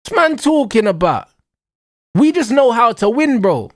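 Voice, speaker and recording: A man's voice: very high-pitched, big pitch swings, a little slow, no room sound, clean studio sound. A young man ranting in a heated, mocking, slang-heavy way during a football watch-along. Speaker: streamer.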